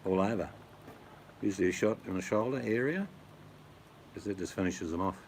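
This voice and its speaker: Low-voiced blokey Aussie man. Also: fairly quick, slight background noise. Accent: Australian. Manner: blokey, joking, rambling. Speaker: vlogger answering chat. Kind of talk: casual chat.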